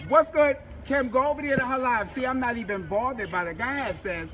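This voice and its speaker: A man's voice: very high-pitched, fairly quick, crowd noise. A man sharing a live stream outdoors, chatty and affectionate, greeting viewers by name. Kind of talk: casual livestream banter. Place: outdoors on a city street. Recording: noisy outdoor street audio. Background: traffic and street noise.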